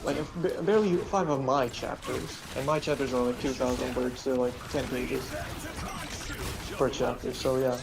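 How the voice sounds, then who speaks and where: A man's voice: mid-range voice, steady tone, normal speed, gravelly. A man streaming, chatting casually about his writing, rambling with lots of fillers. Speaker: vtuber streamer and web novel author. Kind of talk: casual chat.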